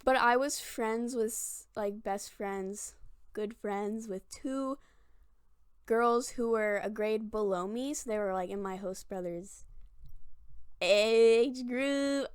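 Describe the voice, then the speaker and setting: A woman's voice: a little high, takes it slowly, clear, resonant tone, dry recording. Chatty self-mocking young woman, dry close sound. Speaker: vlogger. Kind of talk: casual storytelling to camera.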